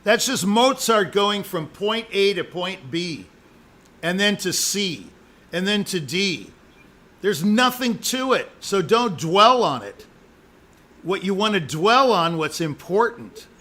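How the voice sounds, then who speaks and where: A man's voice: sits high, expressive, slow, pushed and bright. A man giving a musician live spoken feedback as an audition judge, emphatic and jokey, repeating his points.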